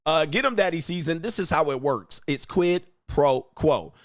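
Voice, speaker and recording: A man hosts a casual reaction commentary in a slightly high voice. He talks with animated energy, laughs often and slips into mimicking the people he describes. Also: moderate pace. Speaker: commentary host.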